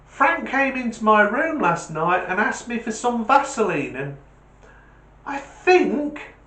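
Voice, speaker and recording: Guy doing a squeaky smart-mouth little kid, lively and bouncy, roomy echo. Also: slow pace, heavily acted. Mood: cheeky. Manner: high-pitched, cheeky, emphatic punchlines. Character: cheeky little boy, quick-witted and crude. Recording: echoey room.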